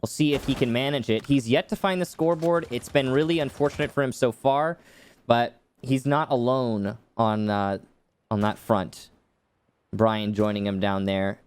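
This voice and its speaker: A man casting an esports match with quick, wry play-by-play commentary. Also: mid-range voice, fairly even intonation, smooth. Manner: quick, wry play-calling with dry jokes. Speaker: esports caster.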